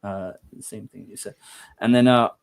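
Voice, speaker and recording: A man's voice: on the low side, steady tone, moderate pace, creaky. A man co-hosting a casual podcast, cracking jokes and reading out viewer comments. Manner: jokey, reads out viewer comments. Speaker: podcast co-host reading chat. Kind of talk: casual chat.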